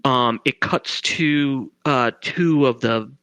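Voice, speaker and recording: Bright-voiced man in casual podcast chat. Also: medium pitch, takes it slowly, clean tone, dry recording, lo-fi sound. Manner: thoughtful, asks questions, many restarts. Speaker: podcast co-host. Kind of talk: casual chat about a film.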